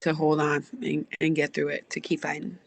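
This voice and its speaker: A woman's voice: low-pitched, flat delivery, moderate pace, vocal fry, no echo. A woman coach as an interview guest, answering in an earnest, reflective, heartfelt way.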